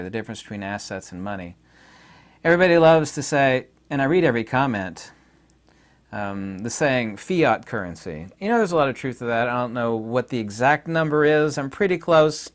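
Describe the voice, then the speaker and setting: A middle-aged man hosting his own channel, giving a rambling, opinionated monologue full of fillers and asides. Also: mid-range voice. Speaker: channel host. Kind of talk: casual monologue to camera.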